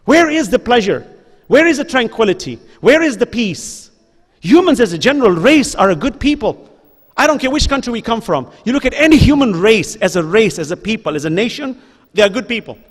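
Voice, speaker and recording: A man with a fairly high voice delivers an impassioned sermon, pressing his listeners with repeated rhetorical questions. His voice rings through a large hall with a long reverb. The delivery is earnest and urgent. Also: very animated, fairly quick, husky. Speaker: lecturer at a religious gathering. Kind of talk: impassioned religious lecture. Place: school hall before an audience.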